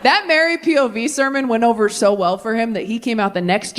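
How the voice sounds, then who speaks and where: A woman's voice: fairly high pitch, brisk, hardly any pauses. A woman in her thirties performing stand-up comedy on stage, acting out characters in shifting voices. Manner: animated, acts out quoted characters in shifting voices. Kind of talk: stand-up set. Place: comedy stage before a live audience.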